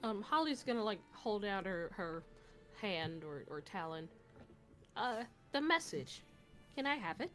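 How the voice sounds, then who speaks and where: A woman's voice: medium pitch, sing-song, a little slow, a bit bright, soft background music. A woman playing a tabletop game, asking practical questions in character. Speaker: player. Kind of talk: in-character tabletop role-play.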